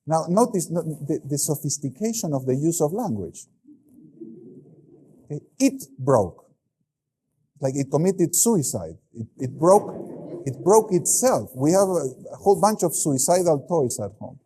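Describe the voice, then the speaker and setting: A middle-aged man giving a keynote lecture, animated and acting out the voices he quotes. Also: fairly high pitch, measured pace, a little hiss or hum. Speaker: keynote speaker.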